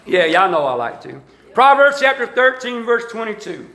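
A man's voice: very high-pitched, big pitch swings, normal speed, sharp tone, echoey room. A middle-aged man with an Alabama Southern accent, preaching a sermon to his congregation with call-and-response, emphatic rising lines and folksy asides. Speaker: pastor. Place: church sanctuary.

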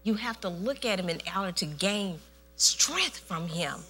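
A woman's voice: medium pitch, measured pace, faint music behind. A woman pastor preaching a sermon, telling a story with lots of laughter and emphatic, repeated phrases. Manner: animated storytelling, laughs often.

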